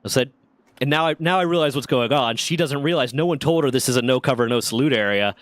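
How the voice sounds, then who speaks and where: A man's voice: mid-range voice, fast, dry recording. Profane man telling rambling stories. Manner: rambling, profane, lively anecdotes. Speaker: streamer and storyteller. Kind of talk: casual storytelling while gaming.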